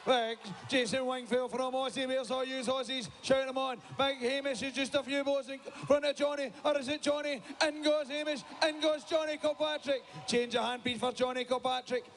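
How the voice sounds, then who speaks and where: Male sport commentator, very high, flat-pitched voice, rouses the crowd. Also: moderate pace, few pauses, a little hiss or hum. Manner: excitable, urges the crowd to cheer. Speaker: shearing commentator.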